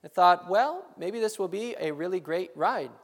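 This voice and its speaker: A man's voice: high voice, moderate pace, gravelly. A man preaching a sermon, telling a story and acting out the voices of its people. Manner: animated, acts out voices in the story. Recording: long hall reverb.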